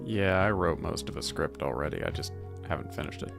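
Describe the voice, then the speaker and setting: Low, gravelly male co-host, dry and matter-of-fact, handling viewer questions over faint music. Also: animated, a little fast. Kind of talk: casual livestream Q and A.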